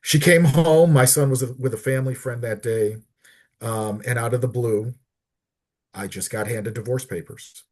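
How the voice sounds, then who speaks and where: A middle-aged man, a podcast guest, telling a personal story earnestly and haltingly, often repeating words as he searches for them. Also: medium pitch, steady tone. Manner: earnest, heartfelt. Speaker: podcast guest, disability advocate.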